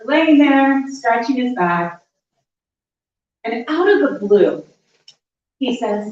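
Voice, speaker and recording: A middle-aged woman telling a funny personal story at a live story slam, animated and laughing as she goes. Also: a little high, slow pace, long pauses. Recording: echoey, distant, dull live room recording.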